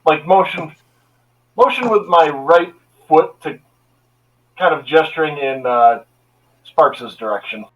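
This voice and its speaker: A man's voice: a little high, takes it slowly, long pauses, highs cut off. Casual male player, slightly distant. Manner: casual, thinking aloud. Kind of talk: casual tabletop game play.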